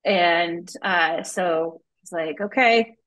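A woman's voice: mid-range voice, unhurried, a bit bright, low-quality recording. A woman co-hosting a podcast over a video call, chatting loosely as she recaps a book, with easy laughs and plenty of filler words. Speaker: podcast co-host. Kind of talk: casual chat recapping a book.

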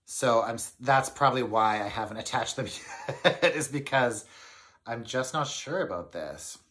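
A man hosting a knitting podcast, chatting casually to camera in an excitable, rambling way with many fillers. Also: medium pitch, moderate pace.

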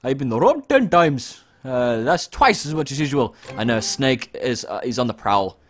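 A man's voice: mid-range voice, very animated, normal speed. A young man casually commenting on a game he plays, reading its lines aloud with playful outbursts. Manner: chatty, reads game dialogue aloud with playful exclamations. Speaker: let's play host.

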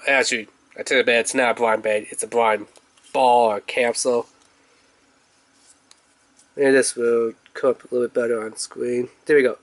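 A man's voice: medium pitch, dry recording. Chatty man unboxing toys. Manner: chatty, rambling with fillers, excitable when revealing toys. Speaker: toy reviewer. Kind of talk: casual unboxing review.

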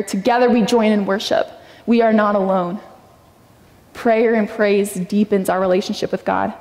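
In an echoey church sanctuary with long reverb, a young woman delivers an earnest, personal sermon, occasionally raising her voice to act out prayers. Her voice sits a little high and sounds slightly mellow.

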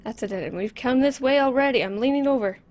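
A woman commenting on a horror game as she plays it, close to a desk microphone, nervous and repeating words in quick bursts. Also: sits high, darkish tone, slight background noise. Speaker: gameplay commentator.

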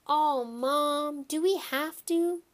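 A woman's voice: sits high, measured pace. A woman voicing a cocky, irritated schoolboy in a children's story, with impatient, snappy retorts.

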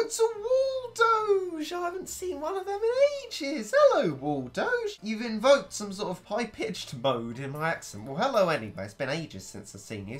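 A man talking through a video game as he plays, with a voice that swings up and down in animated bursts. He thinks aloud in a chatty, rambling way and throws in playful exclamations. His pitch sits in the middle of the usual range for a man. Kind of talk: gameplay commentary.

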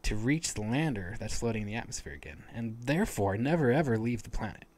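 Fast and very animated, this man's mid-range voice has a darkish tone as he co-hosts a podcast. He casually recounts a novel's story in detail, stopping to restart and leaning on fillers.

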